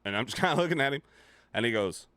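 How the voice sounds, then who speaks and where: A young man streaming live, telling a story casually and profanely, dropping his voice low and quiet for suspense. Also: lively intonation, fast, no room sound. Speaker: livestreamer.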